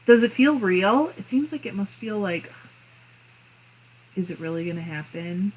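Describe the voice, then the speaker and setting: A woman's voice: medium pitch, expressive, unhurried, darkish tone, poor audio. A woman with a Midwestern accent hosting a live crafting stream, reading viewer comments aloud in a friendly, chatty way. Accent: Midwestern American. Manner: chatty and friendly, muses aloud with small laughs.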